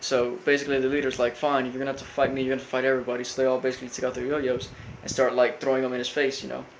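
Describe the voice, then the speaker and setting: A man casually recapping a cartoon episode, rambling with lots of fillers and flat quoted lines. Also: mid-range voice, rapid-fire, slight background noise, rough recording. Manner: rambling, full of fillers, quotes characters flatly. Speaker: recap host.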